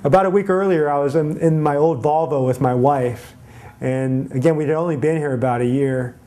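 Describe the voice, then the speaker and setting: A male pastor telling a personal story in an easy, conversational way, building to an encouraging call to share. His voice sits a little high with a warm, mellow tone. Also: moderate pace. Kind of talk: storytelling church message.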